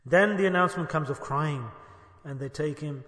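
A man preaching a sermon, impassioned, swinging between hushed and raised delivery, breaking into rapid chanted Quranic recitation. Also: on the high side. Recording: echoey hall with long reverb.

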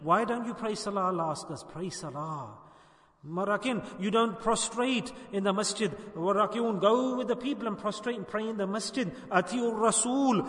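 Male preacher with a high voice, pleading and repetitive, recorded from afar in a reverberant mosque. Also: normal speed, a bit bright. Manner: impassioned, pleading, repetitive exhortation. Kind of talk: sermon. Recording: distant echoey hall recording.

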